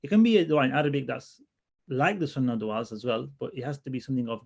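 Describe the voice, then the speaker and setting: A man teaching a religious class in a relaxed, conversational way, often restarting his sentences as he thinks aloud. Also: medium pitch, fast talker, gravelly, breathy edge. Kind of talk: casual classroom lesson.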